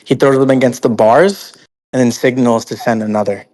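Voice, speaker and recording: Calm male tabletop player. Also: medium pitch, moderate pace, rough recording. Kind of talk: describing character actions in a tabletop game.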